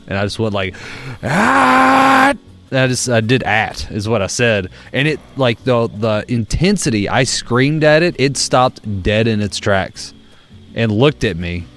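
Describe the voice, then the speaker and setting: A young man, co-hosting a podcast in casual chat and telling stories with plenty of swearing. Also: on the low side. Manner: animated storyteller, swears freely. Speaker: podcast co-host.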